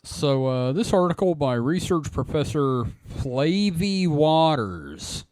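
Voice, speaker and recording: A man hosting a podcast with a fairly high, lively voice that swings up and down as he jokes and reads. The sound is dry and close to the mic. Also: slow, no echo. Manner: joking, laughs often, animated reading. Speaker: podcast host. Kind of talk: casual chat, reading an article aloud.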